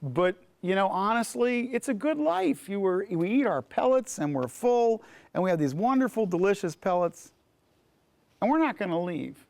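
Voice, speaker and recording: A man's voice: high voice, big pitch swings, normal speed, creaky, a little mellow, dry recording, heavily acted. A man voicing a fat, complacent older male rabbit who shrugs off danger. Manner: lazy, dismissive.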